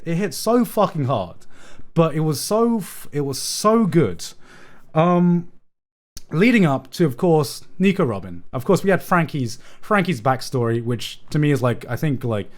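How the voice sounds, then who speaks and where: A young man chatting casually on a live stream. He is excitable, swears a lot and repeats himself. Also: fairly high pitch.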